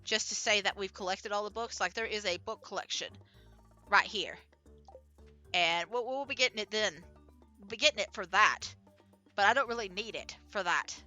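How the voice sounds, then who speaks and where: A woman's voice: medium pitch, normal speed, pauses often, sharp tone, faint music behind. A young adult woman streaming a farming game, chatting casually with lots of fillers, restarts and giggles. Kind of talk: casual gameplay commentary.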